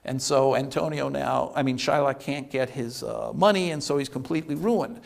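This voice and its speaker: A man giving a lecture, retelling a play as an animated storyteller who often restarts and fills with "uh". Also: mid-range voice, normal speed, gravelly. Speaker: economics lecturer.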